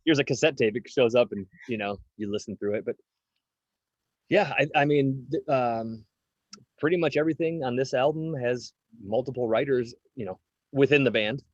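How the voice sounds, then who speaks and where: A drummer in his forties, appearing as an interview guest, talks casually with lots of fillers and restarts. His medium-pitched voice moves at a moderate pace, and the recording is dry and dull.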